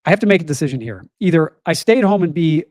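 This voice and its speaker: A man's voice: on the high side, animated, quick pace, darkish tone, dry recording. Earnest middle-aged man, dry close sound. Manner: earnest, open and reflective. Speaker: guest. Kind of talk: candid interview conversation.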